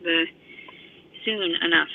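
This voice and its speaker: A woman's voice: fairly low pitch, slow, vocal fry. A woman rambling to her phone camera in an agitated, profane monologue, a little out of breath. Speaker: vlogger. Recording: tinny phone-like audio.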